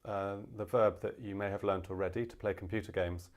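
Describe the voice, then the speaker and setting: Guy teaching a language, really low voice, lots of ums and uhs. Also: steady tone. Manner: explains with many fillers, demonstrates pronunciations louder and slower. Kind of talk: casual language lesson.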